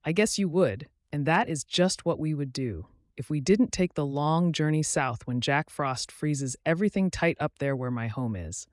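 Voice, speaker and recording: A nervous, distrustful duck lady who frets and insists, put on by a man reading a storybook. She talks raised and a bit high, never settling. The sound is close and dry. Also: moderate pace, few pauses, no room sound, close to an everyday voice. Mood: fretful. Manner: fretful, tearful and insistent. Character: anxious, distrustful female duck far from home.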